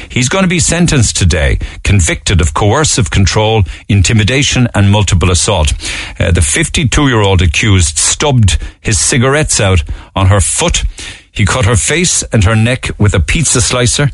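A man with a lowish voice hosts a radio show, running loosely through the morning papers in a conversational way, full of ums and uhs. The studio sound is clean with no echo.

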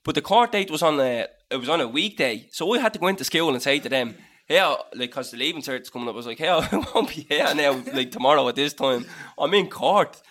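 A man in his late twenties with a Dublin accent, co-hosting a podcast and telling a story in casual, animated chat, swearing and acting out the people in it. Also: on the high side, fast talker. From Dublin, Ireland. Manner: animated, swearing, acts out voices in anecdotes.

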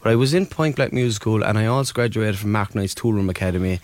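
An Irish man speaks at a fairly low pitch and a fast clip, his tone darkish and the recording free of room sound. He's a DJ and producer appearing as a guest on a radio show in the studio, chatting easily and spinning stories. His manner is easygoing and casual, with lots of ums and plenty of "mates."

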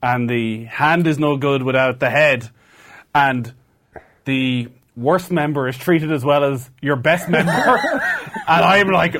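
A man's voice: a little high, moderate pace, fairly bright tone. A man co-hosting a podcast, laughing through his own story in a casual chat. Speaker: podcast co-host.

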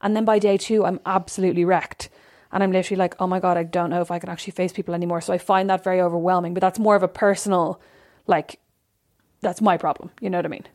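A woman, co-hosting a podcast in casual chat and telling stories in a lively way, often acting out what people said. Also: fairly low pitch, quick pace. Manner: chatty, animated storytelling with quoted asides. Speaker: podcast co-host.

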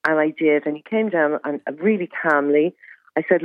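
A middle-aged woman calling into a radio show, telling stories and giving firm, brisk advice. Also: deep voice, no room sound. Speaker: caller. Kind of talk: phone-in chat. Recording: tinny phone line.

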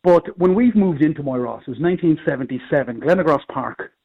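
A middle-aged Irish man, a comedian, telling rambling, animated anecdotes in casual chat. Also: a little high, brisk, vocal fry, husky, phone-quality sound. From Ireland. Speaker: comedian guest. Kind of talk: casual storytelling.

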